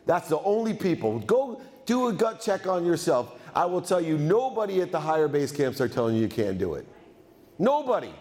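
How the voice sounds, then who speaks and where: A man giving a motivational keynote speech, energetic and emphatic, often repeating phrases for effect. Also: a little high. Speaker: motivational speaker. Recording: reverberant hall.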